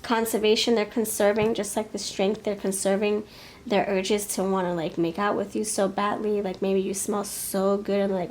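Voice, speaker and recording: A woman's voice: mid-range voice, little pitch movement, moderate pace, a little mellow, slight background noise. A woman giving a pick-a-card tarot reading, musing and hesitant, often laughing. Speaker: tarot reader.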